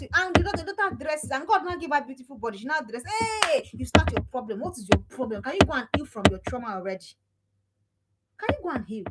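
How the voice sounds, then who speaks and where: A middle-aged woman, coaching parents in an emphatic, repetitive, scolding way. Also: high-pitched. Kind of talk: motivational talk to parents. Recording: loud background noise.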